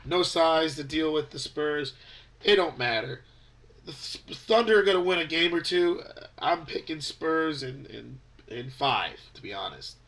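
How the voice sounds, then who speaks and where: A man's voice: fairly high pitch, animated, measured pace, fairly bright tone. A young man with a stuffy, congested voice from a cold, giving rambling, opinionated basketball predictions in a casual vlog. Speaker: basketball fan vlogger. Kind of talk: casual sports commentary vlog.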